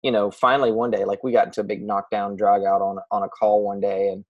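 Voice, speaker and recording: A man's voice: lowish voice, little pitch movement, quick pace, muffled recording. A man coaching a client on a casual call, blunt and swearing freely, with many restarts.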